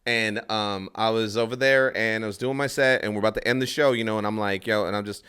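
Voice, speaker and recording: A stand-up comedian tells a rambling story at a quick clip. His voice sits on the low side, and he acts out everyone else's lines as he goes, swearing freely. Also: clear, resonant tone. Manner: rambling, animated, acts out other people's lines, swears a lot. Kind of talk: casual podcast storytelling.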